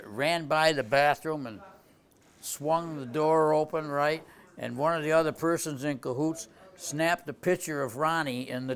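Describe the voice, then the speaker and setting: A man's voice: mid-range voice, creaky, a bit bright. An older man who runs a tavern, telling old stories in a rambling way, full of restarts and "you know". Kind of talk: rambling spoken anecdotes.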